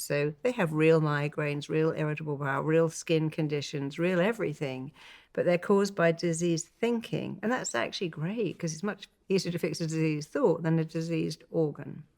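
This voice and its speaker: A woman's voice: deep voice, darkish tone. An older woman therapist in a conversational interview, telling stories animatedly and acting out the quoted voices. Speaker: therapist guest.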